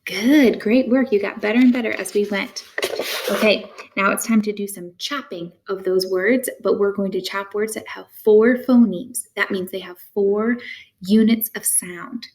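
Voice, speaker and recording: A woman with a mid-range voice teaches young learners a phonics lesson. Her prompts come slowly and clearly, she waits for answers, and she praises them steadily.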